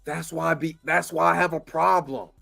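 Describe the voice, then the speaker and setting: Soft music plays behind a US livestream host whose slightly high voice is gravelly and sharp yet steady in tone, at a normal speed. Frustrated and impassioned, he vents, repeats himself and thanks viewers by name.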